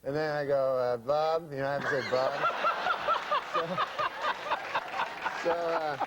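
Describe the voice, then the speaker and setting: Deadpan man telling a rambling story. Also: a little high, creaky, heavy background noise. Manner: dry, halting delivery with many fillers. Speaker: talk show guest. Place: TV studio with audience.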